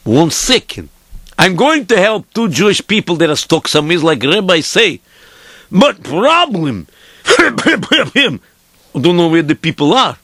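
A man's voice: sits high, sing-song, unhurried, fairly bright tone, no echo, heavily acted. A man playing Peter, a weary, good-hearted peasant horseman, telling his story dramatically in broken English. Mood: puzzled. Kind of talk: theatrical storytelling.

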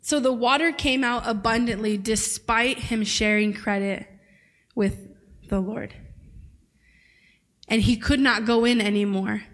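A woman preaching a sermon to a church congregation in a conversational, playful way, reading scripture and joking with the room. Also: medium pitch. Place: church service.

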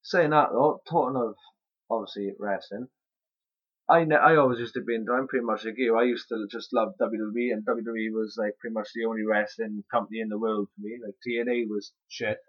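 A man's voice: lowish voice, steady tone, brisk, breathy edge. A young man hosting a casual podcast chat, rambling loosely and swearing offhand. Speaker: podcast host. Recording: muffled lo-fi podcast audio.

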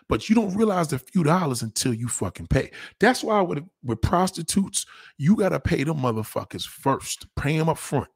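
Man, husky voice, lively swooping pitch, crude comic rant, profane, acts out voices. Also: moderate pace, hardly any pauses. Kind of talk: crude stand-up style rant.

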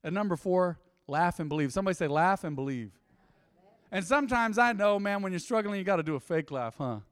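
A male pastor delivers a sermon in a call-and-response style, with joking and laughter between points, then builds into fervent prayer. His voice sits fairly high for a man, and the recording is close and dry, with little room sound. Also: expressive, fairly quick, clear, resonant tone, no room sound.

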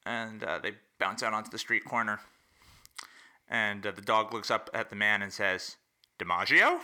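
Very bright-voiced male podcast co-host. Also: lowish voice, steady tone, moderate pace. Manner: tells corny jokes, then explains them. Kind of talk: casual chat.

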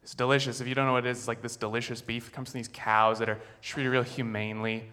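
A man's voice: medium pitch, little pitch movement, fast talker, bright, forceful tone. A man in his twenties performing a rambling, self-mocking stand-up set on a theater stage before a live audience. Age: 20s. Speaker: stand-up comedian. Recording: stage mic in a reverberant theater with crowd.

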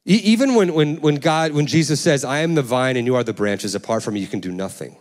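A man preaching a sermon as pastor, in a loose, conversational way, often restarting words and jumping up in pitch while telling stories. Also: fast, big-room sound. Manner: lively storytelling with sudden pitch jumps. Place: church sanctuary.

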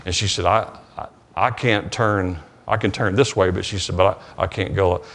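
Halting Southern pastor preaching. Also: male voice, low-pitched, steady tone, creaky, a bit bright. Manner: halting, repeats words, retells dialogue. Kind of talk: sermon storytelling. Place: church sanctuary.

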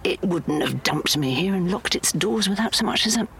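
A woman voicing a thin, rambling alien man with a South London accent, stammering and evasive, turning soft and soothing. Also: lowish voice, animated, moderate pace, creaky, slight background noise.

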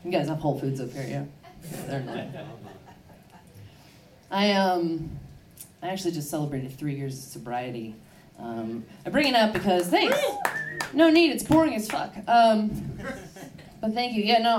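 A woman from Baltimore doing a loose, conversational stand-up set with deadpan punchlines. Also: mid-range voice. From Baltimore, USA. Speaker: stand-up comedian. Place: comedy club stage. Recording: roomy club sound from a distance.

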